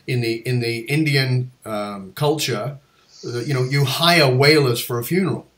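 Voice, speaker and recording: A man hosting a podcast, telling a story with animated retold dialogue and frequent restarts. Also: medium pitch, normal speed. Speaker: podcast host. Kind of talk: storytelling in conversation.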